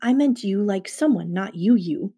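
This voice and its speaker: A woman's voice: medium pitch, lively intonation, normal speed, dark tone, slightly rough. A woman voicing a jittery teenage satyr boy, half goat, who blurts things out defensively. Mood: uneasy.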